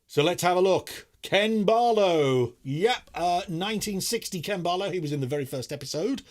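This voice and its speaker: A man's voice: sits high, expressive, moderate pace. A middle-aged man hosting a live online quiz, reading questions with playful, self-mocking banter.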